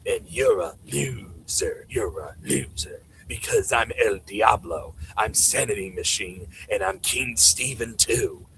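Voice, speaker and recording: A man putting on a slow, gloating voice of a self-important adult man who brags and insults. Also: on the low side, gravelly, fairly bright tone, breathy edge, pitched below the performer's own voice, full character voice. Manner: slow, gloating, half-whispered boasts.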